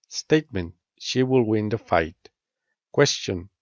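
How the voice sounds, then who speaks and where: Man, English teacher, low gravelly voice, slow careful reading, dull dry lo-fi recording. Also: darkish tone, no room sound. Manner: measured, reads statement and question pairs with careful rising intonation. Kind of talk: slow scripted grammar lesson narration.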